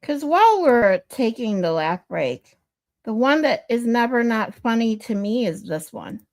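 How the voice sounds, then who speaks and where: A woman's voice: on the high side, big pitch swings, unhurried, darkish tone. A woman, chatting casually as a streamer and laughing easily between clips. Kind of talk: casual chat.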